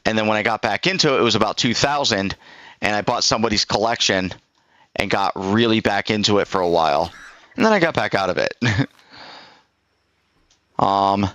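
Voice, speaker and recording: A man's voice: fairly low pitch, expressive, normal speed, pauses often, fairly bright tone, no room sound, rough recording. A middle-aged man on a live stream, telling a rambling anecdote and acting out both sides of the conversation. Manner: rambling storyteller, acts out both sides of the dialogue.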